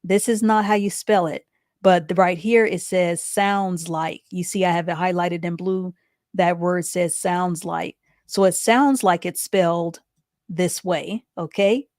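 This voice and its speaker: Woman, low-pitched, dry close sound patient reading teacher for a live online class, walks through every step and repeats it. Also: fairly even intonation, darkish tone, no room sound. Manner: reads sentences out slowly and deliberately.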